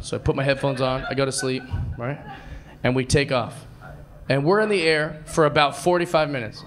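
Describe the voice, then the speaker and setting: A man performing live stand-up, telling a story in an excitable way and acting out other people's voices. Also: mid-range voice, moderate pace. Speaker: stand-up comedian. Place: comedy club stage before a live audience. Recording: live club recording with crowd laughter.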